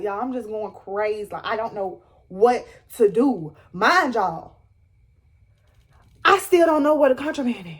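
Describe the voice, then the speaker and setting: A young woman tells a story to her viewers, dramatic and animated. Her voice sits high and bright for a woman. She talks casually, drawing the listener in. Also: measured pace, husky. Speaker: vlogger telling a story. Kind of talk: storytime vlog.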